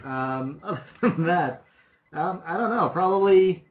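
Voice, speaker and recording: A man's voice: high voice, animated, measured pace, a little hiss or hum. A man co-hosting a radio show, trading dry, wisecracking quips in casual banter. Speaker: radio co-host. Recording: tinny phone-like lo-fi sound.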